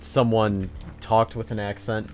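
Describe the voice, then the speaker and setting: A man's voice: lowish voice, little pitch movement, a little slow, faint music behind. A man co-hosting a let's play, chatting casually and telling stories about himself with self-deprecating humor. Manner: laid-back, self-deprecating, chuckling. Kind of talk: casual gameplay chat and storytelling.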